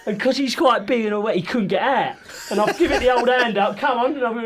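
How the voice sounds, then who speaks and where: A man's voice: extremely high pitch, heavy background noise. A man, a former footballer co-hosting a podcast, telling rowdy stories in casual chat, swearing freely and laughing as he goes. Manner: swears a lot, laughs through his stories. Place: studio.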